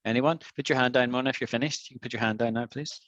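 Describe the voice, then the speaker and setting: A man's voice: mid-range voice, fairly even intonation, racing, a bit bright, dry recording, lo-fi sound. Patient male English teacher, dry close sound. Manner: patient, explains with repeated examples. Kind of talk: online English lesson.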